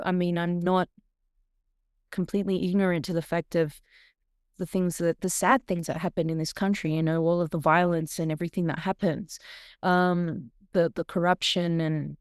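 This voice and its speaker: A woman's voice: fairly low pitch, flat delivery, a little slow, a little mellow, clear, resonant tone, dry recording, clean studio sound. A middle-aged woman with an Australian accent, a podcast guest telling stories animatedly with laughs and frequent restarts. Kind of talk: podcast interview storytelling.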